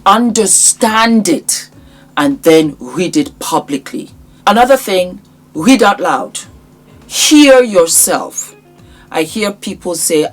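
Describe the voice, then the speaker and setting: Woman host, middle-aged, low-pitched, emphatic advice-giver, soft music bed. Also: slow. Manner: animated, emphatic, repeats phrases for effect. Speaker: YouTube host, speaking coach. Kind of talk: casual advice monologue.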